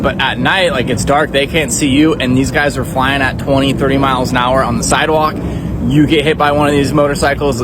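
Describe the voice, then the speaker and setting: Chatty American man on a noisy street. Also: medium pitch. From United States. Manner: chatty, lots of "like" and "you know". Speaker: travel vlogger. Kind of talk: casual travel vlog. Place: outdoors by a busy city street. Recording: street traffic noise behind.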